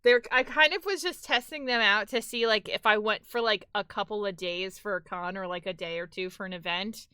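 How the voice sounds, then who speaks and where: A woman's voice: medium pitch, brisk, hardly any pauses, sharp tone, clean tone, no room sound, studio quality. A woman with a Brooklyn-tinged New York accent, chatting casually and animatedly with viewers as a live streamer, full of "like" and the odd swear. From near New York City. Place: home.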